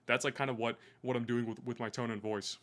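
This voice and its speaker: A young man talks shop with a coworker at a middling pitch, swearing freely and hammering his points home with blunt examples. His talk is loose and conversational, full of restarts. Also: flat delivery, fairly quick, a bit bright. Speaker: sales rep. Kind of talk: casual chat.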